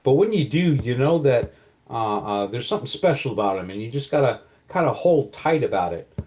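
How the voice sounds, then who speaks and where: A man voicing a smooth, persuasive male vampire who flatters, then gives cold commands. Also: mid-range voice, brisk, natural voice. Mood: flattering.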